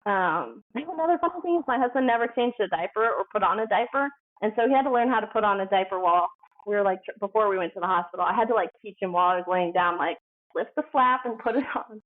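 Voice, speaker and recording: Female guest, rambling storyteller voice, mid pitch, narrow phone audio. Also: animated, fast talker. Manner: chatty, heavy use of "like", acts out quoted dialogue. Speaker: podcast guest. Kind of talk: casual storytelling.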